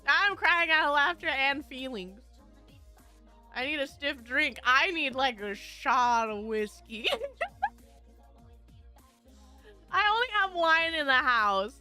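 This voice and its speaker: High, bright-voiced giggly woman streamer. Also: expressive, slow pace, pauses often. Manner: giggly, laughs often. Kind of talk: casual chat with viewers. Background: faint background music.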